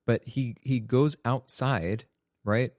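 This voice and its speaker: A man's voice: medium pitch, fairly even intonation, slow pace, a little mellow, dry recording, clean studio sound. A man co-hosting a casual film podcast, wry and skeptical about the story's logic. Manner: wry, skeptical, laughing at plot holes. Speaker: podcast co-host.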